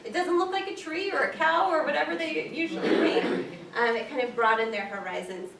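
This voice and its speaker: A woman librarian giving a casual, animated workshop talk, chatting with plenty of fillers. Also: high-pitched, brisk, gravelly. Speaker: children's librarian presenting at a workshop. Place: meeting room at a public library. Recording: echoey room, distant mic, faint noise.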